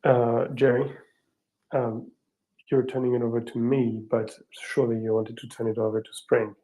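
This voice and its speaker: A man hosting a casual live audio chat, speaking English as a second language in a rambling, halting, self-deprecating way. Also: mid-range voice, little pitch movement, dark tone, low-quality recording. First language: not English. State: tired, up at four in the morning. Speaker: host.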